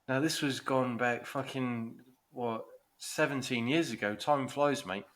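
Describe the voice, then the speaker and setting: A man in his thirties co-hosts a casual podcast, chatting at an ordinary middle pitch. He swears freely and keeps laughing as he tells his stories. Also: fairly even intonation, unhurried, fairly bright tone. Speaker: podcast co-host. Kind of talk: casual banter.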